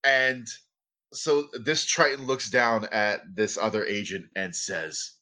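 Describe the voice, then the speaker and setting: Bright-voiced man running a tabletop game. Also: on the low side, animated, takes it slowly. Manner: laughs often, acts out characters. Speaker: game master.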